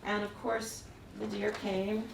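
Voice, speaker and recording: A woman's voice: medium pitch, flat delivery, slow, gravelly. A woman stands at the front of a museum gallery and tells a long, wandering story about her travels as an artist. She chuckles often as she goes. She is far from the mic, and her voice echoes around the room over a faint hiss. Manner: meandering, with frequent chuckles. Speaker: artist giving a talk. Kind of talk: anecdotal storytelling.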